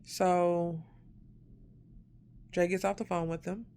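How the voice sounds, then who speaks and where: A woman telling a personal story in a casual storytime monologue, acting out the quoted voices and growing loud and sharp when indignant. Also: lowish voice, level tone, slow, a little hiss or hum.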